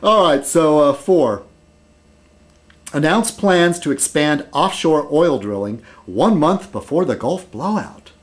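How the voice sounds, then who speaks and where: A middle-aged man vlogging in casual rambling commentary, chuckling at his own jokes and filling pauses with um and uh. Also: a little high, lively intonation.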